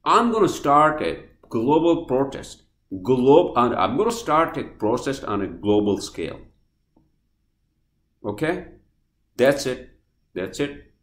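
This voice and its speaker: A man hosting a podcast, ranting angrily and swearing, swinging from loud outbursts to quiet apologies. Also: mid-range voice, very animated, takes it slowly, long pauses, roomy sound. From New Jersey, US. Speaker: podcast host. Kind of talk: heated podcast rant.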